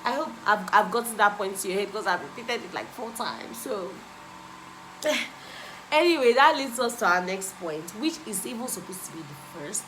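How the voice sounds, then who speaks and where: A woman's voice: medium pitch, lively intonation, moderate pace, pushed and bright, slight background noise, low-quality recording. A young woman vlogger giving an emphatic, repetitive motivational talk and driving each point home. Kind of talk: motivational self-help talk.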